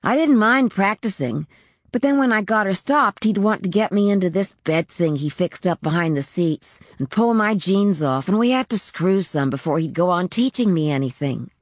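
A woman's voice: mid-range voice, expressive, moderate pace, dry recording, studio quality, natural voice. A woman voicing a small-town teenage girl who dreams of trucking, telling her story in a plainspoken, matter-of-fact, chatty way. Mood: blunt, chatty. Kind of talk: audiobook character narration.

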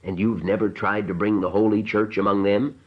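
A man's voice: fairly low pitch, fairly even intonation, moderate pace, highs cut off, close to an everyday voice. A man voicing a haughty stranger priest who speaks sharply and scornfully.

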